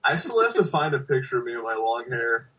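A man's voice: mid-range voice, sing-song, quick pace, a bit bright, far from the mic, poor audio. A man co-hosting a podcast, making crude, wry jokes while watching a movie. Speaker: podcast co-host. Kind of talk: casual movie commentary chat.

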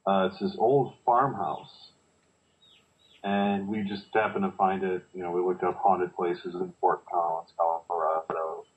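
Male podcast co-host, very low voice, hesitant storyteller, dull recording. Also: flat delivery, a little slow. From United States. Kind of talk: casual chat.

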